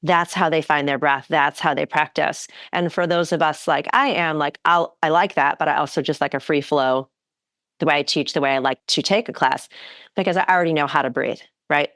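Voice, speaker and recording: A woman's voice: low voice, fairly quick, no room sound, clean studio sound. A woman hosting a wellness podcast, chatting casually and laughing often as she tells stories. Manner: giggly, animated storyteller. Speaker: podcast host. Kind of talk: casual interview chat.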